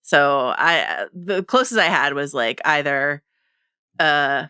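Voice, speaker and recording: A woman's voice: deep voice, animated, takes it slowly, sharp tone, clean tone, dry recording, clean studio sound. A woman co-hosting a podcast in casual chat, wry and joking as she hands out the categories. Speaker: podcast co-host.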